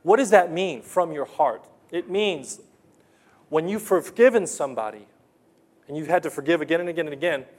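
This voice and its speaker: A man's voice: fairly high pitch, lively intonation, moderate pace, a little mellow. A male pastor preaching a sermon in an earnest way, often putting questions to the congregation and repeating key phrases.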